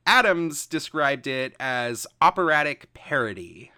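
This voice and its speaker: A man hosting a podcast, narrating history in a lively storytelling way and reading out quotes. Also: medium pitch, unhurried, smooth, no room sound, clean studio sound. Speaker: podcast host. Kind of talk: scripted narration with banter.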